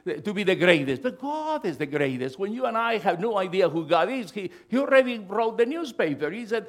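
A middle-aged male pastor preaching a sermon, swinging from loud, emphatic bursts to hushed asides. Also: sits high, sing-song, a little fast, few pauses.

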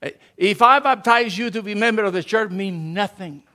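A middle-aged male pastor preaching an animated sermon, swinging from emphatic rises to soft asides, speaking as a with grammar. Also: high voice, moderate pace.

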